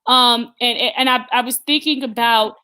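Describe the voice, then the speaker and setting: Woman host, fairly high and tense voice, blunt opinion talk, lots of restarts. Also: steady tone, normal speed, pushed and bright, clean tone. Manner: emphatic and blunt, with frequent stammered restarts. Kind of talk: opinionated live-stream talk.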